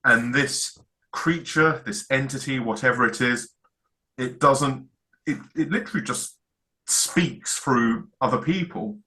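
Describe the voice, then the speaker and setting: A man's voice: mid-range voice, measured pace, sharp tone. A man co-hosting a casual chat, enthusiastically retelling scenes and acting out the lines. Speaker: podcast co-host.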